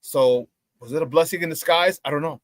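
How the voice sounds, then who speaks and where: A man hosting a casual sports talk show, telling stories excitedly with many restarts and repeated words. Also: on the high side, fairly quick, no echo.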